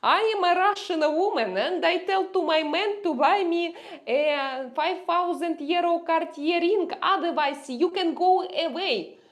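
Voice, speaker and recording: A woman's voice: very high voice, a little slow, voice pushed up. A woman mimicking a demanding young woman who bosses her man around and orders him to buy jewelry. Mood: haughty. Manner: haughty, demanding, raised and loud.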